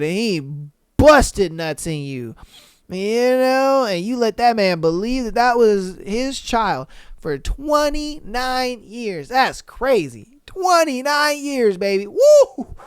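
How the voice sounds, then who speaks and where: A man hosting a podcast, reading posts aloud and reacting bluntly in slangy talk with loud exclamations. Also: very high voice, smooth, no echo, studio quality. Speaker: podcast host.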